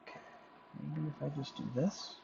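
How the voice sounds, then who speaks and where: A man chatting casually to viewers while he draws, rambling and muttering softly to himself. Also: on the high side, little pitch movement, normal speed, gravelly, lo-fi sound, background noise. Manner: rambling, self-talking, drifts into soft muttering. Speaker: drawing vlogger. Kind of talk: casual talk while drawing. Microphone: headphones with mic.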